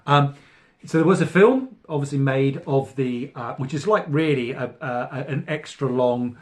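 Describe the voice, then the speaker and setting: A man's voice: medium pitch, moderate pace. A middle-aged man hosting a casual podcast about vinyl records, rambling with many fillers and restarts. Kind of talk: casual spoken review.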